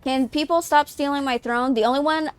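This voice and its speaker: A woman streamer on a headset, reading game text aloud and reacting in an excitable, profane, giggly way. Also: high voice, a little fast, no room sound. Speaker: streamer playing a video game.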